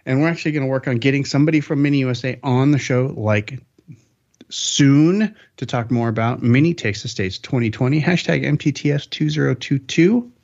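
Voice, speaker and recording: Upbeat rambling podcast host, slightly muffled. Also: male voice, mid-range voice, fairly quick, creaky, darkish tone. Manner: rambling, upbeat, self-correcting. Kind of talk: casual podcast chat.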